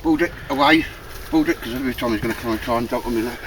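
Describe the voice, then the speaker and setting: A gravelly, medium-pitched man races through a chatty outdoor talk about the stool he made in the woods. This bushcraft vlogger calls everyone mate and laughs a lot, recorded on noisy outdoor camera audio.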